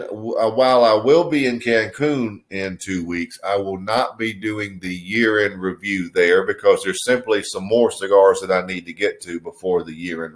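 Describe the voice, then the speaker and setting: A man casually reviewing a cigar on his video channel, in a relaxed, musing way with many fillers. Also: lowish voice.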